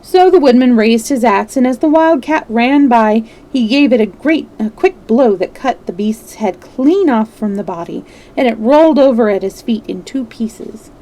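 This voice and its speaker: A woman reading a children's book aloud in a gentle way, now and then correcting a slip. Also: fairly high pitch, lively intonation, moderate pace, low-quality recording. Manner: gentle, with small slips and self-corrections. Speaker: storyteller.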